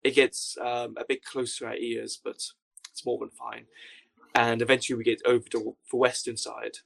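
A young man telling a story as a podcast guest, with dry, deadpan understatement. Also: medium pitch, normal speed, gravelly. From Wales. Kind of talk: casual storytelling anecdote.

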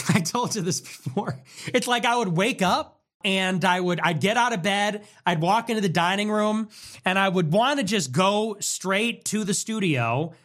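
Young male podcast host, high voice, ironic, profane, meandering solo talk. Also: a little slow, a bit bright. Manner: profane, ironic and rambling, with mock voices for quoted people. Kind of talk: casual rambling monologue.

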